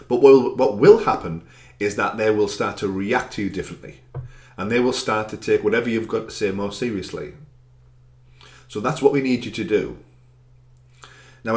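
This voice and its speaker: Low-voiced male coach in an echoey room. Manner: encouraging, direct, stresses words with extra volume. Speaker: anxiety coach. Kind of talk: self-help video talk.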